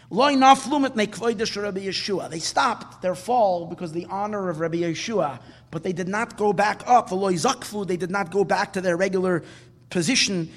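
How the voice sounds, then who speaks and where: A man's voice: sits high, a bit bright, long reverb tail. A man teaching a Talmud class, telling the story with animation and mixing Hebrew-Aramaic quotes into his English explanation.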